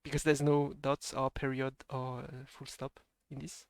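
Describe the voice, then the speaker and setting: A man from France hosts a casual live stream, chatting with a laugh in his voice, laughing often, and mixing in French phrases. His French-accented voice is medium-pitched and gravelly, with a flat delivery at normal speed.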